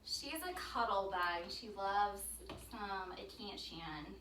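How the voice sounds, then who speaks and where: A woman's voice: medium pitch, slow pace, pushed and bright. A woman casually chatting while she cooks in her home kitchen, rambling with lots of ums. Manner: chatty, rambling, with many ums, baby talk to her dog. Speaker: home cook vlogger. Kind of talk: casual cooking vlog chat. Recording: roomy kitchen, mic some distance off, faint background noise.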